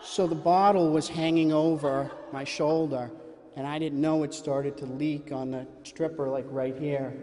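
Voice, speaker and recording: Man, live comic storyteller, animated, self-mocking, higher voice, echoing hall. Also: a little slow.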